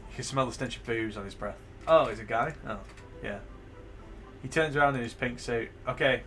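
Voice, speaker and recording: A man's voice: medium pitch, fairly even intonation, normal speed, vocal fry, long pauses, fairly bright tone, faint music behind. Man reading a game aloud with jokes. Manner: reads narration aloud with joking asides and laughter. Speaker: game streamer. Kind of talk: live-streamed game reading and commentary.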